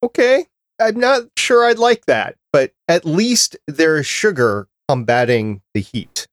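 A man's voice: a little high, very animated, slow pace, no room sound, clean studio sound. A man hosting a podcast in casual chat, reading out dates and lists in a talkative way. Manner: chatty, reads out dates and lists. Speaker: podcast host.

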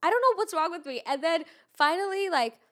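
A woman's voice: very high-pitched, lively intonation, fairly quick, fairly bright tone. A young woman with a congested, nasal voice, chatting casually with lots of "like" and some swearing. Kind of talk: casual chat.

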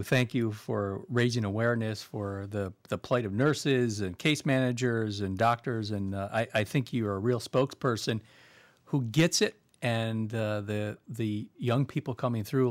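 A man interviewing a guest, asking questions in an admiring, slightly halting way. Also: medium pitch, dry recording.

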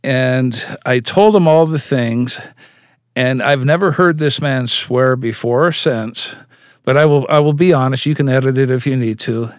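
A man's voice: mid-range voice, unhurried, no echo, studio quality. A man as an interview guest, earnestly telling a personal story and acting out the dialogue. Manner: earnest, acts out quoted dialogue.

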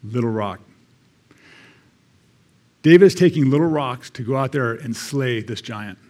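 American male church elder, mid-pitched, folksy sermon delivery with scripture readings. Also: lively intonation, measured pace, dark tone. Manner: conversational, reading scripture aloud with asides.

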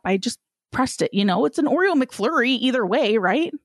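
Gravelly-voiced woman telling a funny story. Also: on the high side, a little fast, no room sound, clean studio sound. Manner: animated storyteller, acts out quoted people, laughs often, swears casually. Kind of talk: casual chat, storytelling.

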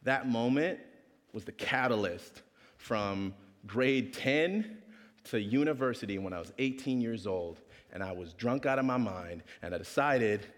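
A young man from Canada giving a humorous testimony talk, telling a story with animated delivery. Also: mid-range voice, a little slow. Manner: animated storyteller, acting out voices. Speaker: speaker. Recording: long hall reverb.

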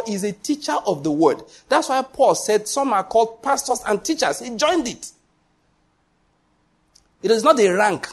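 A man preaching a sermon as pastor, emphatic, full of repetition and rhetorical questions. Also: sits high.

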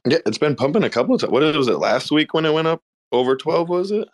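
A man's voice: a little high, animated, fast. Laid-back joking man. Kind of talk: casual chat on a live audio space.

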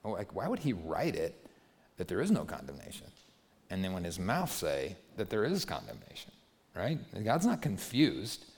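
Animated man preaching in a reverberant hall. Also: low-pitched, moderate pace. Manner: animated, swings from loud emphasis to quiet asides. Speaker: youth pastor. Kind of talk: sermon to a young congregation. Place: church hall.

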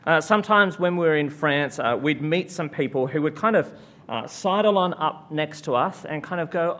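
A man from Australia, a guest preacher giving a sermon in a conversational storytelling way, full of "uh" fillers, after opening with a hushed, slow prayer. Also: fairly high pitch, expressive.

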